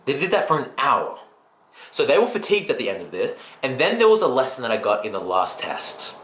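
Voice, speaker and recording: A man's voice: mid-range voice, very animated, a little fast, a bit bright, echoey room. A man talking earnestly to camera in a motivational vlog, telling a story straight to his viewers. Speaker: personal development vlogger.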